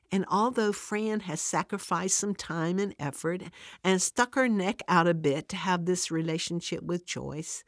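A woman's voice: on the low side, dry recording, clean studio sound. A woman giving an earnest devotional talk, telling a story and speaking directly to the listener.

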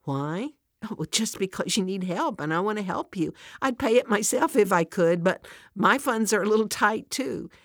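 A woman voicing a kind, caring churchgoing friend who speaks gently and reassuringly in a told story. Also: mid-range voice, animated, normal speed, dry recording, clean studio sound, pitched above the performer's own voice.

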